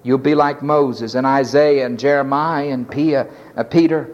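A man's voice: mid-range voice, fairly even intonation, measured pace, a little mellow, dull audio. A man preaching a sermon with passion, pleading and acting out the voices of the people he quotes. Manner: impassioned preaching, dramatically acting out quoted speakers. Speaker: pastor.

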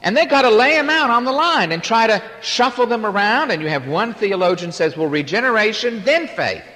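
A man preaching a sermon, emphatic, swinging between loud declarations and quiet asides. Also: high-pitched, animated, brisk. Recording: hall reverb.

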